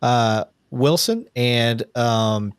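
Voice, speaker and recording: A male police officer hosting a casual livestream, talking in a mid-pitched, conversational way full of ums and self-corrections. The sound is dry and close, with no room echo. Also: very slow, smooth. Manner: conversational, frequent ums and restarts. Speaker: podcast host, police officer.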